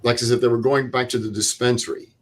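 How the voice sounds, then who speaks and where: A man's voice: mid-range voice, level tone, fast talker. Older man retelling a wartime story. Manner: vivid step-by-step retelling with quoted dialogue. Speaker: veteran guest. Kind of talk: interview storytelling.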